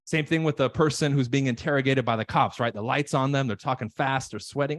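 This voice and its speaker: A man coaching on sales calls in casual podcast chat, emphatic, acting out nervous callers in quick voices. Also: medium pitch, no echo. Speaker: real estate coach.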